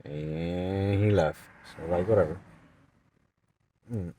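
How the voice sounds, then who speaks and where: Low-voiced man rambling a story. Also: steady tone, slow pace, mellow, far from the mic, slight background noise. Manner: rambling and profane, heavy slang. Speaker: vlogger. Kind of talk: casual storytelling.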